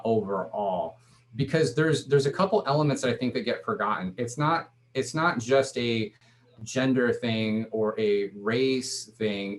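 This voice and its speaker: A man and startup founder, talking to an audience in a loose, conversational way full of restarts and fillers. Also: lowish voice. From Latino background. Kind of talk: casual talk to an audience.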